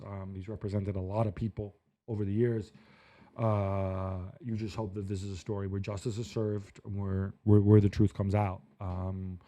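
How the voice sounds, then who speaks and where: Male sports pundit, lower register and mellow; measured, filler-heavy panel talk. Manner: thoughtful, hesitant with many fillers. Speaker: football analyst.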